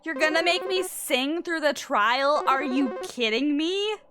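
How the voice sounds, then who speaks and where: A high-pitched woman streamer talks in an easy, unhurried way, greeting her viewers by name and puzzling through the game aloud. Soft music plays faintly underneath. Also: expressive. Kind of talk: casual live-stream chat.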